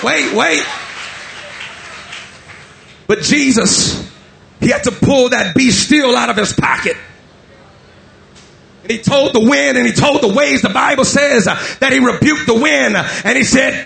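A male pastor preaching a sermon, shouting in a rising, chanting rhythm with many drawn-out "uh" fillers. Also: very high voice, creaky.

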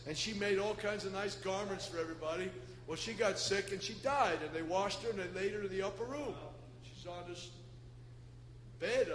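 A man preaching a Pentecostal sermon in a folksy way, swinging between loud shouting and soft asides. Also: high voice. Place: church. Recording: echoey church hall with ambience.

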